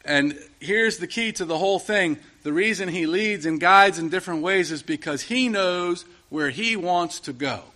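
A man's voice: sits high, a bit bright. A middle-aged man preaching a sermon in a conversational way, asking the listeners question after question.

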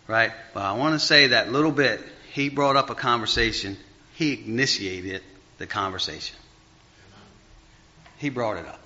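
Bright-voiced rambling male preacher. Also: moderate pace, pauses often. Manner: rambling, full of fillers and restarts, big swings in pitch and volume. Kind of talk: conversational sermon. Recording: dull lo-fi recording.

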